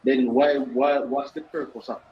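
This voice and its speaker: A man's voice: mid-range voice, steady tone, measured pace, lo-fi sound, a little hiss or hum. A man with a Jamaican accent arguing football in a heated casual debate, firing questions back at his co-host.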